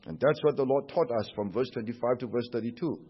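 A man's voice: mid-range voice, quick pace, slightly rough, muffled recording. A male preacher giving an emphatic sermon, explaining scripture with rhetorical questions.

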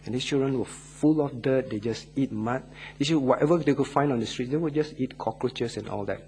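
A man preaching a sermon and leading a closing prayer, earnest, swinging from loud stressed words to hushed lines and drawing key words out slowly. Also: mid-range voice, slight background noise.

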